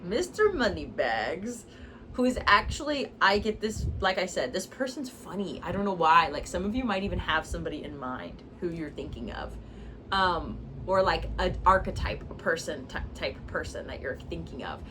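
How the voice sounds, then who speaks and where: A woman's voice: fairly low pitch, animated, moderate pace, a bit bright, low-quality recording. Chatty woman giving a casual tarot reading. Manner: chatty and loose, with frequent "like" and "okay?", swearing and laughing. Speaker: tarot reader. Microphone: phone. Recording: phone recording with clear background noise.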